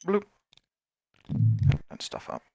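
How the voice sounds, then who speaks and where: A man's voice: takes it slowly, slight background noise. A man playing a tabletop wargame over a call, thinking aloud through his moves and often correcting himself. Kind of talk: casual game commentary. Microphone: remote call.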